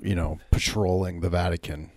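A man co-hosting a comedy podcast, playing along deadpan with halting, restarting sentences. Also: sits low, no room sound, studio quality. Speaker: podcast co-host. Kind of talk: improvised comedy banter.

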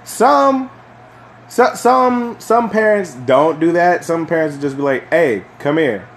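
A young man hosting a casual solo chat, rambling and swearing, with lots of fillers and animated bursts when he rants. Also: high voice, takes it slowly, vocal fry, a little hiss or hum. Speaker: podcast host.

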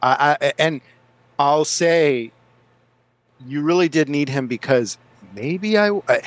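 A man talking as a guest on a movie podcast, rambling and animated, with restarts and laughs in casual chat. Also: on the high side, slow, no room sound.

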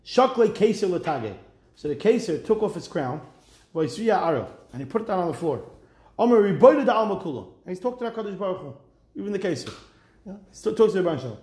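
A man teaches a Talmud lesson, translating each phrase and then retelling it as a lively story full of wry asides. His voice sits a little high. The recording picks up a noticeable echo from the room around him. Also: fairly quick. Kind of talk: Talmud class lecture.

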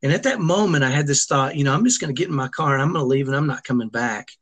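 A man's voice: mid-range voice, expressive, a bit bright. A middle-aged man telling a personal family story as an interview guest, earnest and emotional, often restarting his sentences. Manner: earnest, halting, with frequent restarts.

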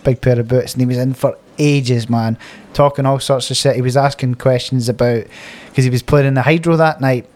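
A man's voice: medium pitch, steady tone, fairly quick, hardly any pauses, darkish tone. A Scottish man in his thirties, co-hosting a casual chat among friends, tells a rambling story full of swearing and laughter. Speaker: podcast co-host.

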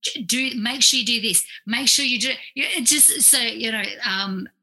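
A woman, a clinical psychologist, telling stories in a casual, animated way, full of fillers and quoted asides. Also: fairly high pitch, moderate pace, rough recording. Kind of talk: casual storytelling in conversation.

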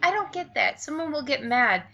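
A woman co-hosting a podcast in casual chat, expressive, jokey and blunt. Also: sits high, normal speed, vocal fry, highs cut off. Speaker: podcast co-host.

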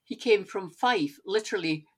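A woman's voice: medium pitch, lively intonation, moderate pace, husky. A Scottish woman co-hosting a casual chat, talking in an enthusiastic, agreeable way. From Scotland. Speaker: podcast co-host.

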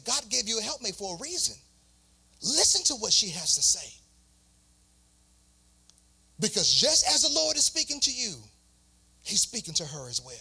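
A man's voice: very high voice, vocal fry, bright, forceful tone, breathy edge. A man preaching a sermon as pastor, in a sing-song cadence with repeated phrases.

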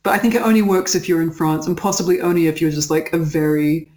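Chatty interview guest, mid-pitched voice, roomy echo around it. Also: fast talker. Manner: chatty and animated, with frequent "like" fillers and laughter. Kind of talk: casual conversational interview.

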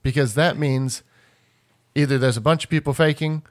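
A man's voice: medium pitch, fairly even intonation, moderate pace, dry recording. Anecdote-telling co-host, a man with a mid-range voice who acts out quoted lines, dry close mic. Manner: storytelling, acts out quoted speech. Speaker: podcast co-host. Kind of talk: casual group chat.

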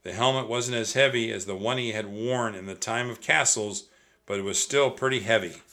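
A man reading a children's book aloud, expressive and speaking straight to young listeners. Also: fairly low pitch, moderate pace. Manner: expressive, addresses kids directly. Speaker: storyteller.

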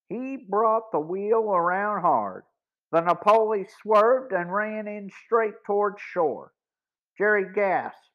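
A man narrating a boys' mystery audiobook in a measured, deliberate reading. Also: high-pitched, lively intonation. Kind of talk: scripted story narration. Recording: dull lo-fi recording.

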